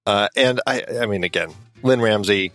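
Male co-host with a lowish voice, easygoing, dry booth sound, faint music behind. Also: normal speed, a bit bright, dry recording. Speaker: podcast co-host. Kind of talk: casual film podcast chat.

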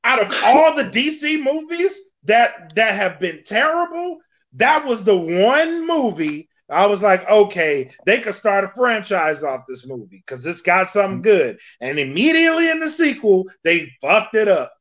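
A man co-hosting a casual movie-review podcast, profane and lively, with a pitch that jumps around as he mimics characters. His voice comes through a slightly dull, muffled recording. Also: normal speed. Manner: profane, laughing, acts out quotes. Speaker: podcast co-host.

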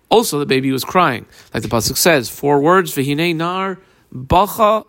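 A man giving a casual Talmud lesson, reading the Aramaic text and translating it aloud with many pauses and fillers. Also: on the high side, lively intonation, fairly bright tone, no echo. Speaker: Talmud teacher.

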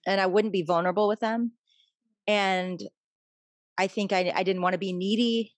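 A woman's voice: mid-range voice, normal speed, no echo. A middle-aged woman author talking earnestly and openly as a guest in a conversation. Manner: earnest, confessional, animated when telling stories. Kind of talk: conversational interview.

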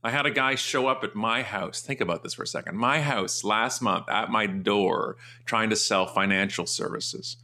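A man guest in an interview, telling stories in an animated, emphatic way and jumping up in pitch when he acts out what others said. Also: moderate pace, hardly any pauses. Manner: energetic, emphatic, jumps up in pitch for acted quotes. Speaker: guest, marketing speaker.

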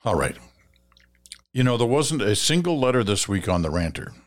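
A man hosting a listener feedback segment on radio, talking in a measured, advising way with some fillers and restarts. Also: mid-range voice, big pitch swings. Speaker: radio host reading listener letters. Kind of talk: conversational radio commentary.

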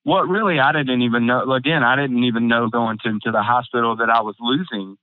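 A young adult man tells a hard personal story in a halting, emotional way, with many fillers and restarts, close to tears. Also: medium pitch, steady tone, clean tone, no room sound. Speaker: guest. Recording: phone-like narrow band, dry.

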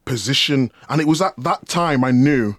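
Brief: male podcast co-host, former player, mid-pitched, dry close sound, halting, searches for words. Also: dry recording. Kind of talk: casual chat.

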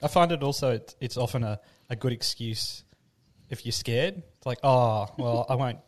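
A man's voice: medium pitch, normal speed. A man co-hosting a podcast, casual and jokey, often laughing. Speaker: podcast co-host.

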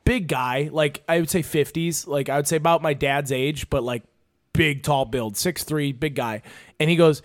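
Young man, casual chat, animated storytelling, does voices for quotes, slightly high pitch. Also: normal speed. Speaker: podcast host.

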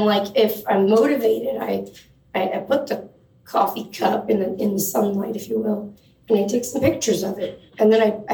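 A woman's voice: medium pitch, darkish tone. A woman co-hosting a comedy news segment on stage, joking and self-absorbed and urging the audience to laugh. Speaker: comedy co-host. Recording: echoey room from far off.

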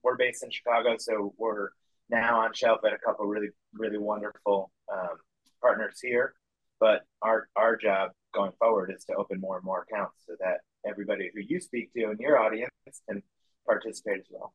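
A man speaking as a guest in a casual interview, upbeat while pitching his company's launch. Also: fairly even intonation, normal speed, husky, dry recording, lo-fi sound.

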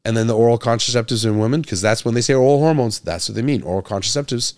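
A man's voice: fast, no room sound, clean studio sound. A man hosting a medical podcast alone, talking with passion, stumbling over repeated words and firing rhetorical questions. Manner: grows louder and higher when exasperated. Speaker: podcast host, doctor. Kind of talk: solo podcast monologue.

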